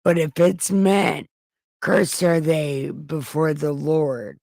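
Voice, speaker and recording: A woman's voice: low voice, fairly even intonation, slow, gravelly, a little mellow, dry recording, studio quality, full character voice. A woman voicing a brash, defiant young man who talks in crude modern slang. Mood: pleading.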